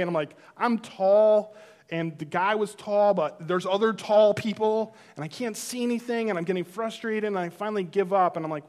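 A man's voice: high voice, brisk. A man preaching a sermon, telling a personal story and acting out his own reactions. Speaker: pastor.

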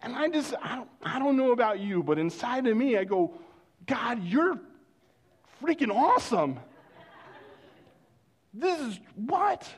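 High-voiced male pastor preaching. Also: big pitch swings, normal speed, husky. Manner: conversational storytelling with hushed exclamations. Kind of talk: sermon.

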